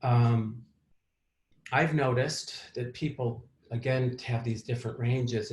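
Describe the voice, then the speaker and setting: A man's voice: mid-range voice, darkish tone, roomy sound, slight background noise. A man hosting a therapy talk, telling a personal story to his audience in a candid, reflective way with fillers and restarts.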